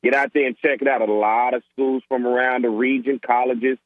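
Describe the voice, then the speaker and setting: A man's voice: medium pitch, little pitch movement, brisk, no room sound. An upbeat male host of a sports talk show chats with his guest and laughs easily. His voice comes through a narrow, tinny, phone-like channel. The sound is dry. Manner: upbeat, laughs often, says man and Coach a lot.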